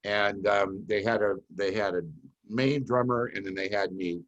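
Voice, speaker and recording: Low-voiced host on a dull, lo-fi line. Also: male voice, fairly even intonation, normal speed, a bit bright. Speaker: show host. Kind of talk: casual interview chat.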